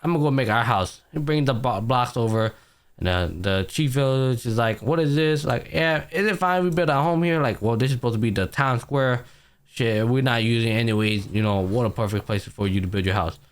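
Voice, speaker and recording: A man's voice: medium pitch, brisk. A young man co-hosting a podcast, casually recapping an anime and acting out the characters' lines with plenty of slang and swearing. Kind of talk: casual chat.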